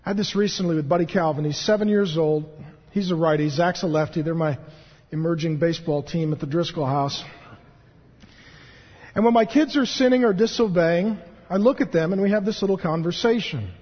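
Husky-voiced pastor preaching in an echoey hall. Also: male voice, fairly high pitch, brisk. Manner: animated, joking storyteller. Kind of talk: sermon. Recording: dull, echoey hall recording.

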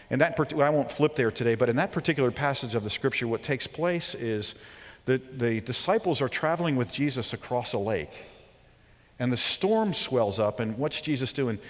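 Speaking at a normal mid pitch, this preacher and professor in his forties brings his sermon to life with vivid stories. He performs the voices of those he quotes and lowers to a near whisper when he wants a point to land, all echoing at length through a big hall.

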